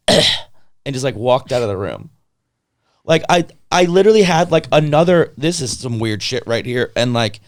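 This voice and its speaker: A man's voice: mid-range voice, no echo, clean studio sound. A young man telling a story in casual podcast chat, acting out the people in it, swearing casually and using plenty of fillers. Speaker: podcast co-host.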